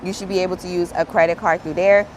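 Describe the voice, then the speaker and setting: A woman's voice: fairly low pitch, fairly even intonation, fast talker, a little hiss or hum. A woman hosting a livestream as a grant writer, chatting casually and encouragingly with her viewers. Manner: upbeat, encouraging, chatty, calls viewers "friend".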